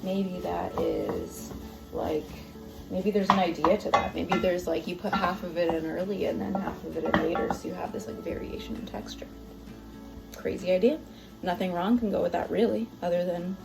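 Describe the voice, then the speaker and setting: A woman's voice: lowish voice, fairly even intonation, moderate pace, vocal fry. A woman hosting a casual home cooking vlog, chatting and rambling through the steps with lots of fillers and asides. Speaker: cooking channel host. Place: home kitchen. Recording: music in the background.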